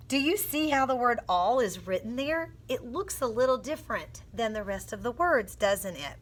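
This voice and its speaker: A woman's voice: a little high, normal speed, few pauses. A woman teacher reading a picture book aloud to young children and coaching them through sounding out words. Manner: expressive storytelling with phonics coaching.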